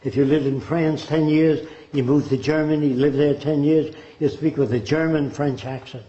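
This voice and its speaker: An older man lectures with emphatic rhetorical questions. His voice sits a little high and mellow. The recording is dull and echoes around the room. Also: steady tone, normal speed.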